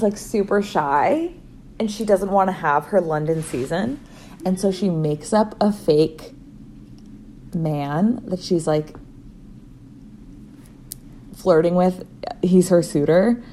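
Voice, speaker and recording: A woman's voice: on the low side, mellow, a little hiss or hum. A young woman co-hosting a podcast in casual chat, giggly and full of "like". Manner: chatty, giggly, lots of "like". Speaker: podcast co-host.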